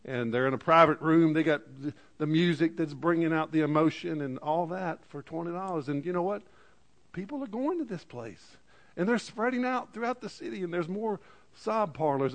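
A man preaching to a congregation, reading scripture dramatically with lively asides and stammered restarts. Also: on the high side, normal speed. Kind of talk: sermon. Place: church in front of a congregation.

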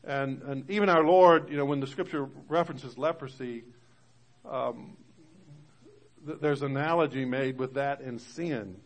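A male pastor delivering a conversational sermon to his congregation. He rises louder and higher when reading scripture aloud. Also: unhurried.

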